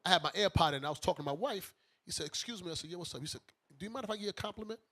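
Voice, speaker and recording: A man from Brooklyn tells a story in a high, bright voice, playing both sides of the conversation. His casual banter keeps moving. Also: lively intonation, rapid-fire. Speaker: bishop, radio show host.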